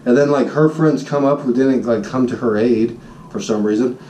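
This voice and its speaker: A man, a high school Spanish teacher, telling a story in a jokey, boastful vlog and acting out his own shouts. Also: normal speed, reverberant, far from the mic, slight background noise, rough recording. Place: Honolulu.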